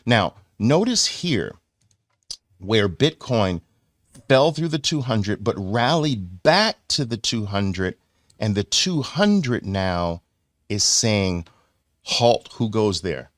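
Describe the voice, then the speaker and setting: A man with a New York accent teaching a trading chart lesson, playful and animated, acting out lines for the moving averages. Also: on the low side, slow, no echo, clean studio sound. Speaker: trading educator.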